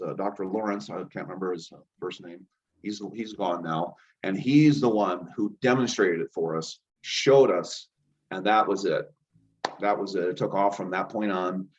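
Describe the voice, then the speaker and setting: A man, a chiropractor and healer guest, telling rambling stories in a casual interview and acting out quoted dialogue. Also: lowish voice. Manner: rambling, restarts often, acts out quoted dialogue. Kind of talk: conversational storytelling. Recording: dull lo-fi sound.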